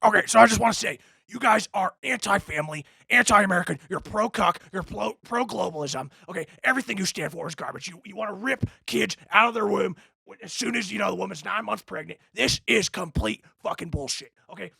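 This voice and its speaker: A man playing a furious conspiracy talk-show ranter in a debate parody, shouting a profane tirade in a gravelly voice. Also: high voice, animated, a little fast, few pauses, dry recording, full character voice. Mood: raging.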